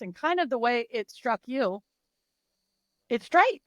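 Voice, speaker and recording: Emphatic, high-voiced woman coach. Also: a little fast, no room sound, studio quality. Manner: emphatic, animated, swears freely; acts out athletes' voices. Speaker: mindset and performance coach. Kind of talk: guest in a sports interview.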